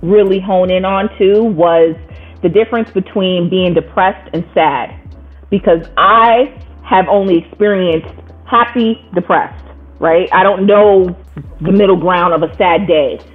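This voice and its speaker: Woman, podcast guest, animated storyteller, tinny phone-like sound. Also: fairly low pitch, a little slow, slightly rough, soft background music. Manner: animated storyteller, acts out quoted voices. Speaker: guest, coaching client. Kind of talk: casual conversation.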